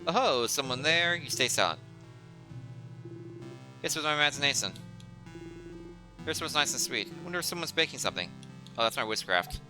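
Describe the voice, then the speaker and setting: A let's play streamer reading game text aloud in a low, subdued way, with brief reactions in between. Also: animated, moderate pace, long pauses, over music.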